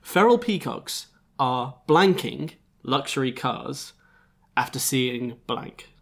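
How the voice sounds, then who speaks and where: A man's voice: mid-range voice, expressive, creaky, fairly bright tone. A man co-hosting a podcast, trading jokes and playful asides in casual banter. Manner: joking, playful, quick asides. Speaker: podcast co-host.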